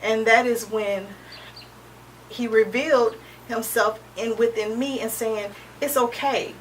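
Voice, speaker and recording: A woman in her thirties, an interview guest sharing a personal testimony in a halting, earnest way, often pausing with "um" and restarting. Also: a little high, steady tone. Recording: distant mic with faint background noise.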